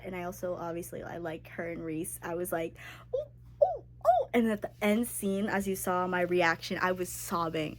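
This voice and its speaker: A young woman talking casually in a reading reaction vlog, emotional and gushing, with quick bursts of outrage. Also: mid-range voice, a little hiss or hum. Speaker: book vlogger.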